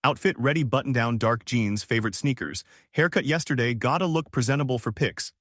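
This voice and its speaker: A man's voice: mid-range voice, a little fast, a bit bright, no echo, clean studio sound. A man narrating a first-person story in short, clipped fragments with a dramatic delivery.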